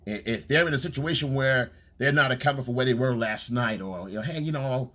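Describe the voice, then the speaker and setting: A man gives a casual, blunt coaching monologue about dating, sprinkled with profanity and frequent "okay?" and "all right?" check-ins between points. His middling-pitched voice has a husky grain and comes out fast, pushed and bright.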